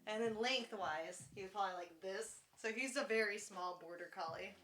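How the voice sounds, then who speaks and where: A woman livestreaming, chatting casually, thanking subscribers and talking in a high sing-song baby voice to her dog. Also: moderate pace, a bit bright, faint music behind.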